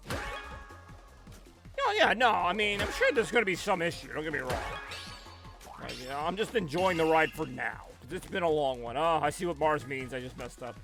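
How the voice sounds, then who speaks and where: A man live-streaming from his home setup on a headset, chatting casually and rambling in an animated way, with a tone that sounds angry even when he is not. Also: fairly high pitch, brisk, music in the background.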